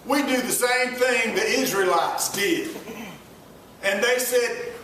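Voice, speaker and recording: A man's voice: very high voice, takes it slowly, bright, forceful tone, a little hiss or hum. A man preaching informally, retelling a story in a folksy, rambling way with many restarts and asides to the listeners. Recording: very echoey room, mic far off.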